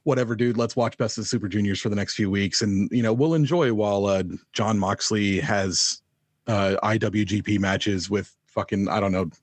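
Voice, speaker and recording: A man's voice: on the low side, normal speed, no room sound. A man co-hosting a casual wrestling podcast, rambling with plenty of fillers and swearing. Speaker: podcast co-host.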